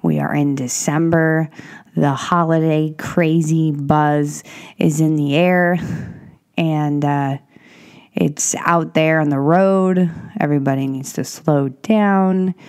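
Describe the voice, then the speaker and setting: A woman hosting a solo podcast, rambling and self-reflective, breathy and congested with a scratchy throat from a cold. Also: sits low, steady tone, takes it slowly, darkish tone. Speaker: podcast host.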